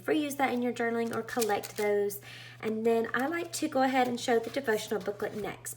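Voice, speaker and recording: A woman's voice: mid-range voice, slight background noise. A woman chatting casually as she unboxes a craft kit, gushing and full of fillers. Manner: bubbly and gushing, with many fillers. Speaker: craft vlogger.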